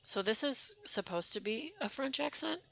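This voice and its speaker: A woman's voice: sits high, expressive, normal speed, vocal fry, a bit bright. A young woman streaming a game, chatting wryly and reading its dialogue aloud. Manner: chatty, wry, reads game text aloud.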